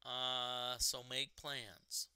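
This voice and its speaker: A man streamer chatting casually while gaming, rambling and halting, often repeating his words. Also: mid-range voice, flat delivery, sharp tone, smooth, no echo.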